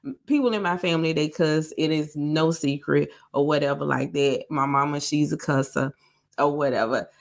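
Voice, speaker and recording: A big-voiced woman in her thirties speaks with a South Carolina Southern accent. She tells stories in loose podcast chat. Her delivery is animated and emphatic, and she hammers home her lines by repeating them. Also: low-pitched, moderate pace, creaky. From Greenwood, South Carolina. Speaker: podcast co-host. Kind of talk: casual chat, storytelling.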